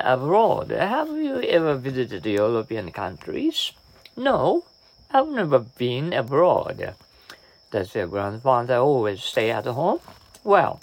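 A man works slowly through practice dialogues for vocabulary, taking both parts himself. His pitch swings widely, and a gravelly fry creeps into his voice as he hesitates and restarts. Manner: hesitant, frequent "uh" fillers and restarts; reads both sides of each dialogue. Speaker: language practice reader. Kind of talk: reading example dialogues aloud.

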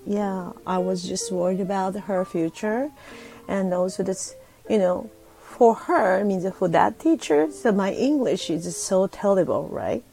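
Brief chatty Japanese woman, gravelly edge. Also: mid-range voice, unhurried, dark tone, faint music behind, rough recording. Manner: chatty, many fillers, switching between English and Japanese. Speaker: host. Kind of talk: casual chat on a live audio app.

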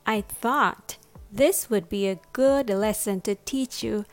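Slow, deliberate woman teaching pronunciation. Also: mid-range voice, dry recording, faint music behind. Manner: models words with exaggerated stress, repeating each slowly.

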